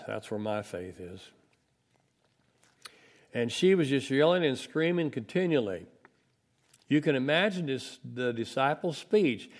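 A man teaches a Bible lesson in a relaxed, folksy sermon style. His voice is gravelly at mid pitch. He slips into quoted voices to act out the story. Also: unhurried, long pauses. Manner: conversational, folksy, acts out voices of disciples.

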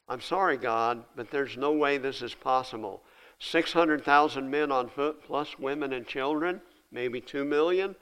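A man's voice: medium pitch, measured pace, fairly bright tone, smooth, poor audio. Older man preaching a folksy sermon. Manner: folksy preaching, dramatic retellings of scripture dialogue. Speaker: pastor.

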